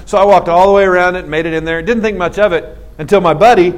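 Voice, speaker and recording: A man's voice: high voice, rapid-fire, hardly any pauses. A man telling a funny story on stage, acting out voices and laughing along. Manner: animated, acts out voices, laughs at own story. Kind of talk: stand-up storytelling.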